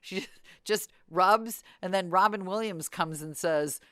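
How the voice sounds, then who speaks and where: A woman's voice: fairly low pitch, takes it slowly, fairly bright tone, no echo, clean studio sound. A woman hosting a podcast in casual chat, telling wry stories and acting out quotes. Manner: wry, storytelling with acted-out quotes. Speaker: podcast host.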